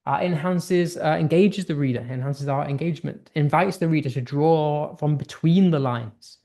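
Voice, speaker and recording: A young British man teaches an English writing lesson in a conversational style, full of fillers and restarts, acting out the tone of his example lines. His voice is a little high and mellow, at a normal speed.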